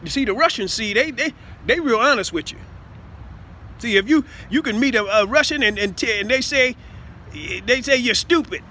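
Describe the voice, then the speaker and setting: A man giving a rambling, improvised talk to his listeners, halting with many stammered repeats and asides of "see?". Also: extremely high pitch, expressive, pushed and bright, a little hiss or hum. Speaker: self-styled speaker addressing listeners.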